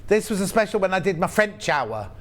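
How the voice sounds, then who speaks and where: A man's voice: high-pitched, big pitch swings, fairly quick, fairly bright tone. A man with a Yorkshire accent presenting live on a shopping channel, chatty and playful with jokey asides.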